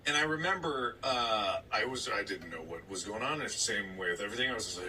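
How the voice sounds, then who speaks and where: A man co-hosting a podcast, telling a story in casual chat and acting out other people in high voices. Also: quick pace, distant mic, noisy background. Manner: animated storyteller, acts out voices in high squeaks. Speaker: podcast co-host.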